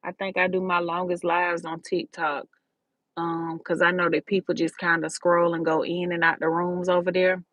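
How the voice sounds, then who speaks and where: A woman's voice: lowish voice, completely flat delivery, moderate pace, fairly bright tone, dry recording, lo-fi sound. A woman, talking straight to her viewers in a casual livestream, calling them baby and y'all. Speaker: livestream host.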